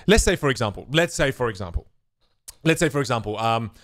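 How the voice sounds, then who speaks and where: With a medium-pitched voice and a quick pace, a young magic instructor takes viewer questions on a live stream in a chatty, animated style. He acts out the voices of spectators and hecklers, and the recording is dry with clean studio sound.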